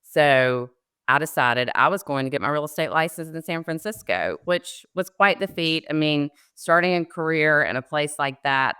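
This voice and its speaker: Her voice is low, smooth and fairly bright, captured in a dry, clean studio recording. This middle-aged woman from the Southern United States, a loan officer, is an interview guest recounting her career in a chatty, laughing way, saying um often.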